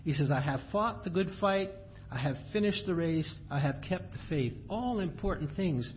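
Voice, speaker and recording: A man's voice: fairly high pitch, expressive, slight background noise. Man preaching, reading scripture aloud. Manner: reads verses in measured cadence, then explains plainly. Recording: dull lo-fi sound, faint ambience.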